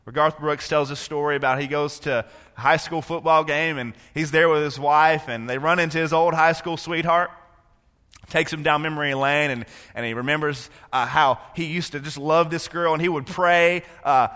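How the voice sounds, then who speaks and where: A man preaching a sermon, moving from quiet personal storytelling to impassioned, rising preaching. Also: fairly high pitch, steady tone, normal speed, big-room sound. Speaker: pastor.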